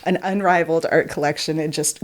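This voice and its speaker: A middle-aged woman chatting as a podcast guest, telling stories in an animated way, laughing often and swearing freely. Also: deep voice, fairly quick. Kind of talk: casual podcast chat.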